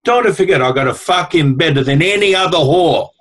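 A man's voice: fairly high pitch, expressive, a little fast. A man voicing a blunt, earthy Italian woman in her seventies, in a put-on Italian accent with broken English that repeats itself for emphasis. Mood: emphatic. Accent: put-on Italian-English broken speech. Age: older.

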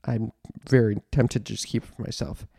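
A man's voice: mid-range voice, little pitch movement, fairly quick, vocal fry, dark tone, slightly rough, dry recording, clean studio sound. A young man co-hosting a podcast, chatting casually and teasing with a playful manner. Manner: playful, teasing, laughs at his own jokes. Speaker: podcast co-host. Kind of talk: casual comedic chat.

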